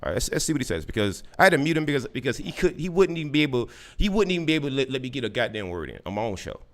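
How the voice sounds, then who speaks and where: A man's voice: mid-range voice, sing-song, very fast. A man hosting a podcast, taunting and mocking a caller with sarcastic, repeated questions and frequent stammered restarts. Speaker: podcast host. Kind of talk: combative live podcast talk with a caller.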